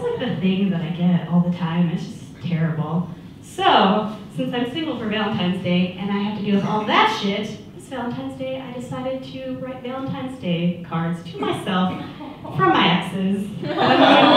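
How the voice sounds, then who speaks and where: A woman's voice: medium pitch, expressive, normal speed, background noise. A woman in her twenties doing a stand-up comedy set, telling stories in a chatty way and acting out the people in them. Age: 20s. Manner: chatty storytelling, acts out voices. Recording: echoey room, mic from a distance.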